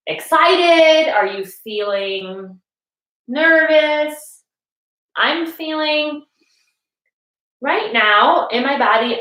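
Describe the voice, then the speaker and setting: A woman's voice: medium pitch, fairly bright tone, roomy sound, low-quality recording. A woman leading a family yoga class from her couch at home, talking to children in a patient, encouraging way. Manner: patient, encouraging, speaks to kids.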